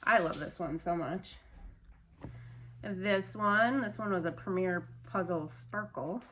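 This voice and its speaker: A woman's voice: lowish voice, slow, fairly bright tone, slight background noise. A young adult woman in casual chat, showing her handmade stock in a loose, rambling way with lots of fillers.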